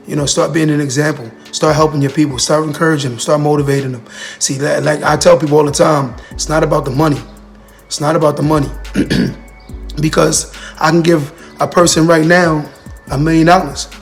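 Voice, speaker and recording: Guy doing a motivational livestream, kinda gravelly, a bit high, earnest, keeps repeating himself, faint music behind. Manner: earnest, repetitive, addresses viewers and comments directly. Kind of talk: casual motivational talk.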